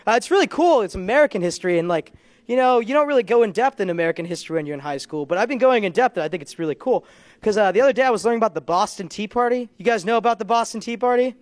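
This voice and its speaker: Young man doing stand-up, high voice. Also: animated, very fast, dry recording. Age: young adult. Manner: rambling, self-deprecating storytelling with frequent laughs. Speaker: stand-up comedian. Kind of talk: stand-up comedy set. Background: audience laughter.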